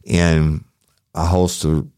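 Man, former deputy, folksy profane storyteller; deep voice, dry studio sound. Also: level tone, takes it slowly, a little mellow, smooth, no room sound. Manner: casual, profane, folksy, addresses listeners as y'all. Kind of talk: true crime storytelling podcast.

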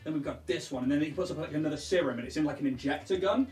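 A man's voice: fairly high pitch, very fast, few pauses, darkish tone, echoey room, recorded from a distance, faint music behind. A man narrating as game master in loose, descriptive talk with many fillers.

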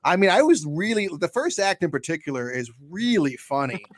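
A man's voice: sits high, big pitch swings, a little fast. A man co-hosting a casual film discussion podcast, chatty and loose, with frequent restarts and casual swearing. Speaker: podcast co-host.

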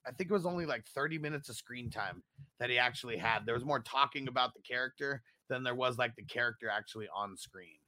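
A man's voice: mid-range voice, fast talker, pushed and bright, no echo. A man hosting a casual chat show, upbeat and laughing often as he talks to listeners about a bracket. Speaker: podcast host.

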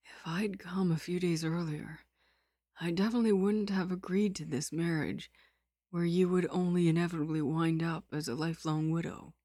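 A woman's voice: fairly low pitch, brisk, no echo, clean studio sound, lightly acted. Woman reading a sickly, languid young nobleman. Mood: weary. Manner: calm, lazy drawl.

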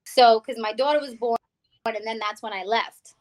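A woman from the Bronx, giving a lively personal testimony as an interview guest and acting out the people she quotes. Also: fairly high pitch, normal speed. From the Bronx, New York. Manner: animated storytelling, acting out quoted people, calls the host "girl". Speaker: guest, music founder.

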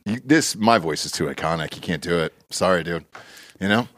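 A man's voice: sits low, a little fast, dry recording, studio quality. A man hosting a casual golf betting podcast, joking and swearing as he talks. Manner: profane, joking, animated. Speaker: podcast host.

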